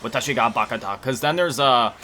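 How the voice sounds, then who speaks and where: A gaming YouTuber chats casually while he plays, rambling, self-deprecating and often trailing off to recall words. His mid-range voice is fairly quick, pushed and bright, with slight background noise.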